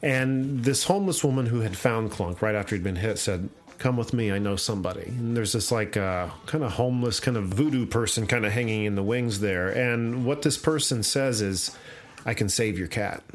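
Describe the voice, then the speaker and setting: A man's voice: lowish voice, normal speed, few pauses. A male podcast host chatting casually and retelling a comic, acting out the characters as he goes. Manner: animated storyteller, acts out voices.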